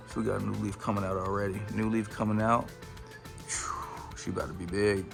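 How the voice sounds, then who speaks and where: Gravelly playful man touring his plants. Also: fairly low pitch, little pitch movement, fairly quick, music in the background. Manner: playful, hyped, slangy, breaks into silly voices. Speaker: plant collector showing his collection. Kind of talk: casual plant tour vlog.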